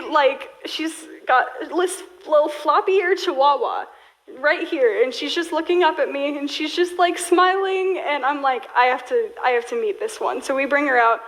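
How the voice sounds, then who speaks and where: A woman's voice: sits high, rough recording. A young woman preaching a sermon in a casual, storytelling way, full of "like" fillers.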